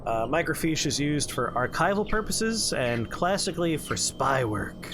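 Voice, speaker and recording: A man's voice: fairly high pitch, very animated, normal speed, noisy background. A man streaming a horror game, giving casual, rambling commentary full of jokes and puns. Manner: jokey, rambling asides and puns. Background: horror game music playing clearly.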